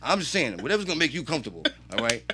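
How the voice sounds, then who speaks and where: A man's voice: medium pitch, big pitch swings, rapid-fire, background noise. A man telling a story in casual podcast chat, acting out the people he quotes and swearing freely. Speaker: podcast guest.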